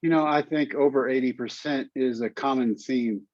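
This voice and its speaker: A man in his fifties tells stories in a relaxed way as a guest on an interview show, with a voice of middling pitch. His audio sounds dry and a bit muffled, as if it comes over a remote link. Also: moderate pace, dry recording. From Texas, United States. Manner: relaxed, anecdotal, acts out quotes. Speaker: guest, speaker and author. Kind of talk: storytelling interview answers.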